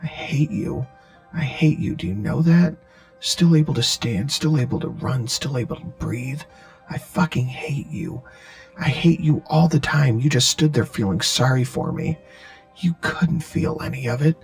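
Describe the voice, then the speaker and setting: Guy putting on a dead brother's voice, quiet growly hateful, pitch climbing up. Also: steady tone, measured pace, faint music behind. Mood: hateful growl. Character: dead boy's voice, bitter and hateful, afraid.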